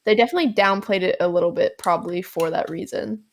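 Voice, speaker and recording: A woman's voice: on the low side, quick pace. A woman co-hosting a casual podcast chat while gaming, rambling with frequent laughs. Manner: rambling, many fillers and restarts, laughs often. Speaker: podcast co-host.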